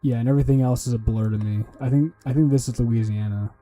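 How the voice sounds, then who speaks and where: A man livestreams while he studies, muttering to himself in a medium-pitched, dark-toned voice that talks fast with fairly even intonation. He swears and invents silly mnemonics as he goes, with soft music playing in the background.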